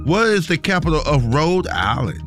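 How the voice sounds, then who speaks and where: Ermunternder Quizmaster im Morgenradio. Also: male voice, fairly high pitch, very animated, over music. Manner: encouraging, slangy, quick. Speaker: morning radio co-host, quizmaster. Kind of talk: radio quiz hosting.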